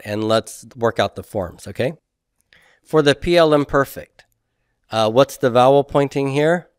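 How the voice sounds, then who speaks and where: A male teacher lecturing to a class at a board, asking questions and sounding out forms syllable by syllable. His voice sits at an ordinary middle pitch. The room sound is dry and close. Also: clean tone, dry recording. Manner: patient, quizzing students with questions and repeating forms slowly. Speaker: Hebrew grammar teacher.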